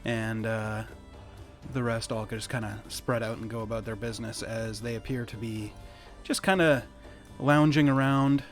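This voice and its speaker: A man narrating as game master of a tabletop game, relaxed and rambling with many fillers. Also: medium pitch, normal speed, soft background music.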